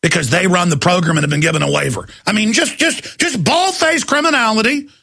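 A man hosting a talk radio show, ranting angrily, often shouting at his listeners. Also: high voice, fairly quick, gravelly, husky. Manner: angry, shouting, accusatory. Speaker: radio host.

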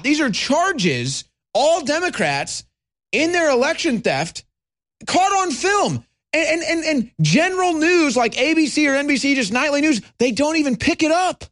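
A man hosting a political talk show, excitable, repeating words and laughing as he talks. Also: very high voice. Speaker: show host.

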